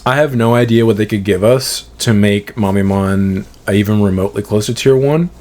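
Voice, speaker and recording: A man's voice: on the low side, fairly quick, darkish tone. A man co-hosting a podcast, talking casually about card game decks in a laid-back, agreeable way, thinking aloud as he goes. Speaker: podcast co-host.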